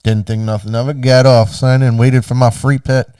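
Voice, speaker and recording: Guy on a gaming podcast telling a story, kinda far from the mic, dry room, gets animated. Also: medium pitch, moderate pace, clear, resonant tone, no echo. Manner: animated, acts out his own past lines. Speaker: podcast co-host. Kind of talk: casual storytelling.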